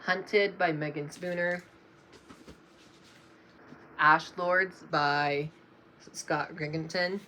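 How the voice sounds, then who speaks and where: A young woman reading off a list of books in a casual vlog, slow and unhurried, often apologizing with a soft laugh. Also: low voice, steady tone, slight background noise. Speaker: book vlogger.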